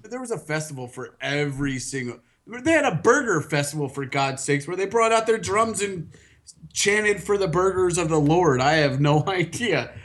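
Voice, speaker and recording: A man's voice: on the high side, expressive, normal speed, a bit bright. A man co-hosting a podcast, telling crude, jokey stories and laughing often in casual chat. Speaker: podcast co-host.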